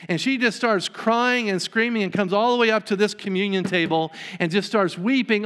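A man preaching a sermon, his voice sitting a bit high for a man. He retells a story, acting out the people in it as he goes. The church around him rings with a long reverb. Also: brisk, few pauses, fairly bright tone, clear, resonant tone. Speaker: pastor.

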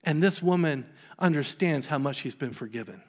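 A man's voice: on the high side, lively intonation, normal speed, big-room sound. A man preaching a sermon in a church, telling a story and acting out the people in it. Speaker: pastor.

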